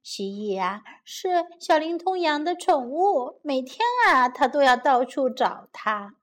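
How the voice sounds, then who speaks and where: A woman teacher reading a children's story aloud, line by line in two languages, in a careful, gentle manner. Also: high voice, measured pace. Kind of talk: bilingual storybook narration.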